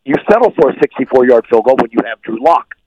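A man speaking as a guest football analyst on a radio show, giving blunt and animated opinions over a remote line. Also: medium pitch, fast talker, no room sound. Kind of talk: casual sports radio chat. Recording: dull lo-fi line, dry.

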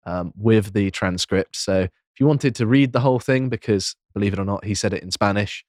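Low-voiced podcast host, dry sound. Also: male voice, a little mellow, no room sound. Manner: reads quotes aloud, measured, frequent ums. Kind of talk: casual political discussion.

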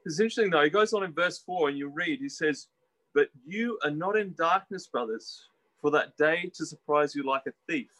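Bright-voiced man preaching animatedly. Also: moderate pace, low-quality recording. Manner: animated, acts out quoted voices with rising pitch; conversational, asks the listeners questions. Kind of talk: sermon.

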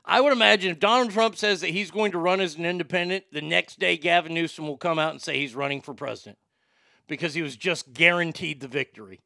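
Blunt guy ranting about politics, bright voice, dry close sound. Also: on the high side, fast, vocal fry, no echo. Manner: blunt, profane, opinionated. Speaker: political commentary host reading chat. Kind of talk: casual livestream commentary.

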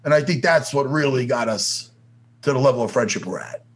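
A man's voice: mid-range voice, fairly quick. A man telling stories as a guest in a casual interview, swearing freely and acting out other people's voices. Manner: animated, swears freely, acts out voices in anecdotes. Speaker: podcast guest. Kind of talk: casual storytelling.

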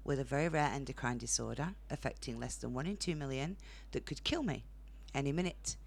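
A woman's voice: a bass voice, fairly quick, gravelly. A young woman with a Northern English accent doing a blunt, chatty stand-up set on a comedy club stage, laughing at her own jokes. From Northern England.

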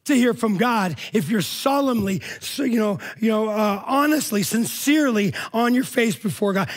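A man's voice: high voice, lively intonation, normal speed, hardly any pauses. A man preaching a sermon in a casual, emphatic way, often checking in with "all right?". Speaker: pastor.

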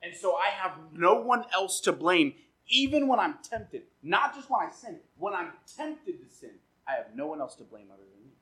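A man preaching a sermon, animated and acting out quoted voices as he goes. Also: high-pitched, moderate pace, husky, poor audio. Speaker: pastor.

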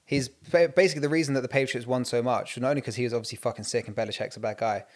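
Co-host: young man, mid-pitched, rapid, teasing in casual banter. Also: steady tone. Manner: teasing, quick jokey asides. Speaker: podcast co-host. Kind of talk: casual chat.

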